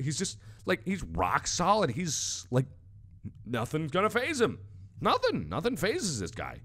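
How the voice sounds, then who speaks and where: A young man in his twenties commenting on a horror game he plays, excitable, yelping and shouting when scared. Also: on the high side, a little slow, breathy edge. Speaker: gaming video host.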